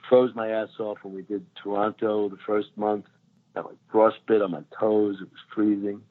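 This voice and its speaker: A man in his sixties, a guest actor, telling lively anecdotes in a casual chat and laughing often. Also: on the low side, normal speed. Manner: animated storyteller, laughs often. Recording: tinny phone line.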